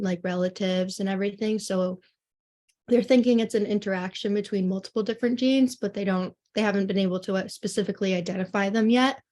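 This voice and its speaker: Young female student, relaxed filler-heavy class report. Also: mid-range voice. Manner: casual, full of "like" and "um". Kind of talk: class presentation.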